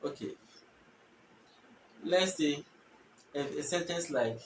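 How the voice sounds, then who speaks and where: A man teaching a language lesson, explaining patiently and repeating example phrases slowly with stressed tones. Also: high-pitched, expressive, fairly bright tone, echoey room, distant mic, slight background noise, rough recording.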